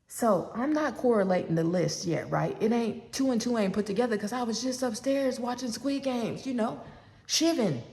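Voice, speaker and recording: A gravelly-voiced woman in her forties tells a personal story in a loose, chatty way and plays out both sides of a phone call. She turns to her listeners often. Her voice rings with a long reverb. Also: on the high side, moderate pace. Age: 40s. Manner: animated, acts out both sides of a phone call, talks straight to the audience.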